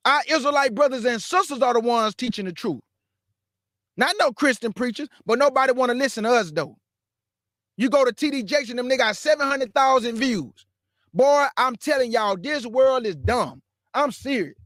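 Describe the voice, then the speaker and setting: A man with a strikingly high voice delivers a blunt, scolding sermon-style rant, jabbing at his listeners and breaking into shouts. The sound is dry and close, with no room around it. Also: no room sound. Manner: bursts into shouts. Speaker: preacher and show host. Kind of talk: fiery street-style preaching rant.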